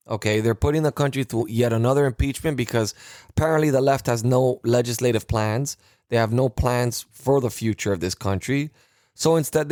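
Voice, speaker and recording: A man's voice: mid-range voice, a little mellow, no room sound, clean studio sound. A man hosting a solo political commentary show, talking heatedly with many fillers and restarts.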